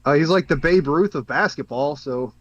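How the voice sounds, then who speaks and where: A man's voice: a little high, normal speed, fairly bright tone, muffled recording. A man in a casual group chat who often asks questions and sounds unsure.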